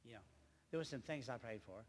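An older man giving an emotional personal testimony at a church gathering, speaking haltingly and often repeating his words. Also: mid-range voice, lively intonation. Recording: reverberant hall, faint background noise.

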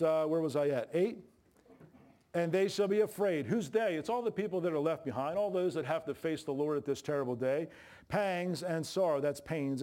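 In a church sanctuary, a pastor preaches a folksy, joking sermon in plain colloquial grammar while the congregation calls out responses. His voice sits on the high side and sounds mellow.

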